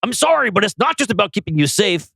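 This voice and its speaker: Man playing a gruff old grump. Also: high-pitched, big pitch swings, fast, pushed and bright, no room sound, heavily acted. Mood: defensive. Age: older. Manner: gruff, irritable, exasperated. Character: grumpy old gay man, paranoid ex-programmer. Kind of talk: audio drama acting.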